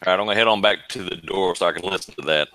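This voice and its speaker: A man with a somewhat low voice and a very bright, sharp tone plays at a tabletop game. He keeps cracking jokes and laughing along with the others. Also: very fast, slight background noise. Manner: jokey, laughs often. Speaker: player. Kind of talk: casual tabletop play.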